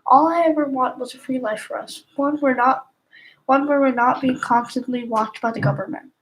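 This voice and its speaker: Soft ASMR storybook dad, read by a woman, stern, hushed, low-voiced scolding father. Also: steady tone, moderate pace, natural voice, rough recording. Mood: earnest. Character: stern middle-aged father, secretive, loving.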